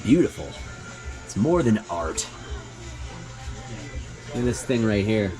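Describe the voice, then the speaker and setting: A man's voice: fairly low pitch, big pitch swings, takes it slowly. A man vlogging as he wanders through an indoor flea market, chatting easily and musing about what he sees. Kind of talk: casual walkthrough narration. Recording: music playing behind. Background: music playing in the store.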